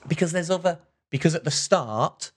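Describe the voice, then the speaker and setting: Co-hosting a casual podcast, this man rambles through a long story, restarting often and leaning on fillers and "like"s. His voice is on the high side and slightly rough, animated, at a moderate pace.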